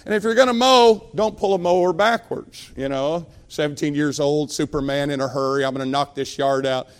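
A middle-aged male preacher telling a funny story in a sermon, animated, acting out the voices of the people in it and laughing at his own tale. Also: fairly high pitch, moderate pace.

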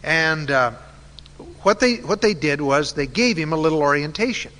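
Guy preaching a bible story, kinda high bright voice, lots of uhs, long echo like a big hall. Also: lively intonation, moderate pace. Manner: conversational, with frequent uh fillers. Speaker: Bible teacher.

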